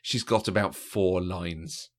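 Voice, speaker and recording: A man co-hosting a film podcast in casual chat, animated and fond of acting out lines. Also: sits low, slow. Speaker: podcast co-host. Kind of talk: casual chat about films.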